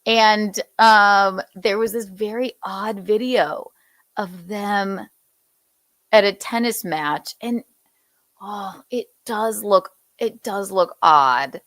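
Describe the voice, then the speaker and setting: Slow, gossipy Southern woman host. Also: mid-range voice, a bit bright, dry recording. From Southern United States. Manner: loose and gossipy, with frequent laughs and fillers. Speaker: podcast host. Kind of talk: casual pop-culture chat.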